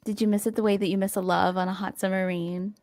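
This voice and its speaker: A woman hosting a casual interview, reacting with jokes and quick quips. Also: mid-range voice, flat delivery, darkish tone, no echo, clean studio sound. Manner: joking, reactive, riffs with quips. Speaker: podcast host.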